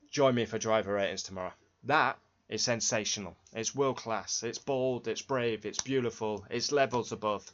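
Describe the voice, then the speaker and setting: Man, low voice, sweary race reaction rant, dull lo-fi sound. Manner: blunt, sweary and excitable. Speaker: Formula One fan channel host. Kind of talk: casual race reaction rundown. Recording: dull lo-fi recording.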